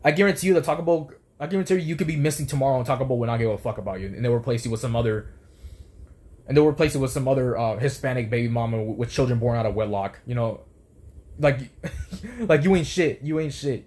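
A man's voice: mid-range voice, racing, a little mellow. A young man ranting about an old job, heated and profane, tripping over restarts as he rambles on. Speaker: former fast food worker. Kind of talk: profane storytelling rant.

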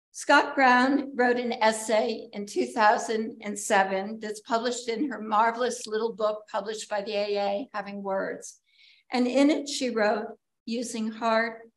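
A woman at a podium giving a formal introduction at an academic symposium, reading prepared remarks with quick asides and fillers. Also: fairly high pitch. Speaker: symposium speaker introducing a guest. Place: lecture hall. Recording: echoey lecture hall.

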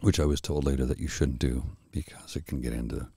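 A middle-aged man hosting a soft-spoken ASMR chat, telling a rambling story slowly and with restarts, close to the mic. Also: a bass voice, steady tone, creaky, slightly rough, no echo. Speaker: host.

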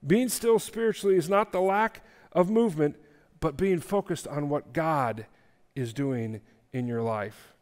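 A pastor preaches with a slightly raised voice, earnest and unhurried. He repeats his key phrases and hushes them down low. The sound carries a long reverb from a church hall. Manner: earnest, repeats key phrases, drops soft for quoted words. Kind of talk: sermon. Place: church sanctuary.

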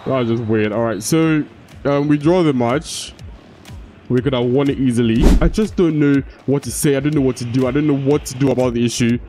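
A man's voice: medium pitch, a little fast, dark tone, soft background music. A young man giving casual gameplay commentary, often frustrated, swearing and restarting his sentences. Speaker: gaming YouTuber.

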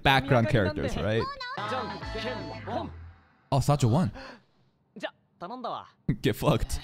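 A man reacting live to an anime episode, excitable and profane, talking back at the screen. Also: high-pitched.

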